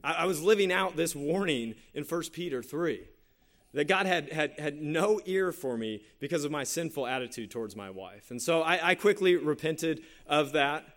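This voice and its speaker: With a fairly high, fairly bright voice and lively intonation, this Bay Area pastor from San Jose speaks at a moderate pace. His sermon feels earnest and conversational, returning to the same phrases as he tells a story from his own life.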